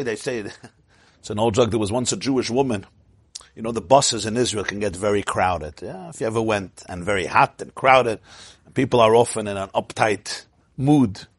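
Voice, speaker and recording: A man giving a lively storytelling talk, laughing often and shouting out his punchlines, with Yiddish and Hebrew phrases mixed in. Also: lowish voice, fairly quick, slightly rough, no echo, clean studio sound. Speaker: Torah speaker.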